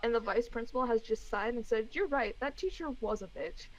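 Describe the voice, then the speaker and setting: A young woman co-hosting a podcast, telling animated stories and laughing often. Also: fairly high pitch, a little fast, poor audio. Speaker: podcast co-host. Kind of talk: casual storytelling chat.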